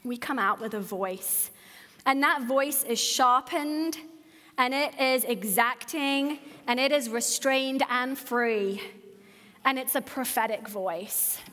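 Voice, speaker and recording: A woman's voice: sits high, slow, bright, forceful tone. A woman pastor preaching a sermon, earnest and building with repeated phrases. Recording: hall reverb.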